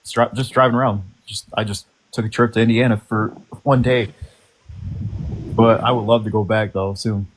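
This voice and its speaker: Man, lowish voice, casual live chat, relaxed, hesitant fillers. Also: normal speed, poor audio. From Michigan.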